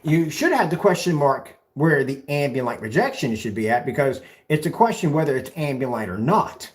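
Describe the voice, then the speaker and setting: A man's voice: on the high side, sing-song, normal speed. A man mocking a rival in a ranting callout video, sarcastic, taunting, and repeating phrases back at him. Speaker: video blogger.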